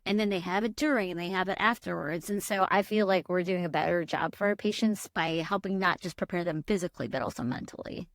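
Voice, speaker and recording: A woman's voice: lowish voice, quick pace, few pauses, no room sound, studio quality. A woman plastic surgeon hosting a casual podcast, telling patient stories in a reflective, talkative way with many fillers. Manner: warm, reflective storytelling with frequent fillers.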